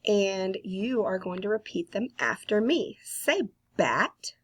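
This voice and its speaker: A woman with a Southern US accent, teaching a kindergarten phonics lesson slowly and patiently, sounding out letters. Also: mid-range voice.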